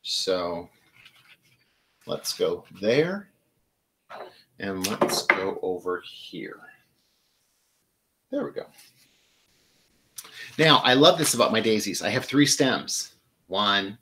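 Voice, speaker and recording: A man's voice: lowish voice, big pitch swings, drawn-out words, long pauses, sharp tone, low-quality recording. A middle-aged man from Michigan hosting a live flower-arranging show, chatting to viewers as he works. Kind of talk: casual live demonstration.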